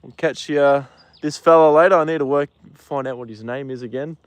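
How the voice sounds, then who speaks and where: Relaxed Australian man streaming outdoors. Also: a little high, fairly quick, clear, resonant tone, no room sound. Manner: relaxed, chatty, talks gently to horses. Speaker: livestreamer. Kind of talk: casual livestream chat. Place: outdoor paddock. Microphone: phone.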